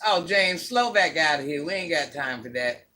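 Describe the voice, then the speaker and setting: A woman's voice: sits low, expressive, moderate pace, sharp tone. Sassy older woman scolding her chat. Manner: sassy, scolding, blunt talk-back. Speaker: livestream host. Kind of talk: casual livestream chat, answering viewer comments.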